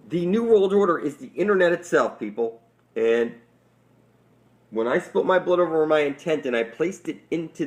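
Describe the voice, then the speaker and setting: A man's voice: mid-range voice, vocal fry. A man giving a rambling, intense, preachy monologue to his viewers, swearing often and calling them "people". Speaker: online conspiracy speaker.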